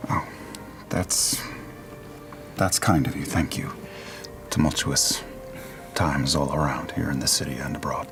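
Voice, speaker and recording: A man playing a character in a tabletop game, calm and kindly. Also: extremely low pitch, a little slow, long pauses, music in the background. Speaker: player.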